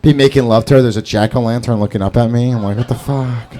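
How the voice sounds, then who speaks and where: A man doing a rambling, profane stand-up set on an open-mic stage, jumping into a squeaky high voice for scared bits. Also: steady tone, rapid-fire, dark tone. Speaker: stand-up comedian. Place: comedy club stage before a live audience.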